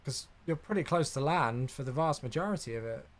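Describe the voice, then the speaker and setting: A man's voice: medium pitch, lively intonation, brisk. A young man chatting casually on a live stream while flying a simulator, reacting aloud and answering viewers. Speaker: flight sim streamer.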